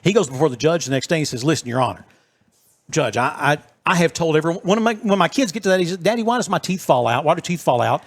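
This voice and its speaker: A fairly high-pitched man with a drawl spins a story for his co-host, jumping into the voices of everyone in it. His delivery is animated and chatty, a casual podcast storyteller. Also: fast talker. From East Texas. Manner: animated storyteller acting out quotes.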